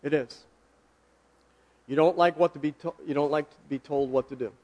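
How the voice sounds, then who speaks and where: Male preacher, slightly high voice, casual sermon, talks with the room and asks questions, slows on key words. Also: steady tone, darkish tone, lo-fi sound. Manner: conversational, asks the audience questions, slows for emphasis.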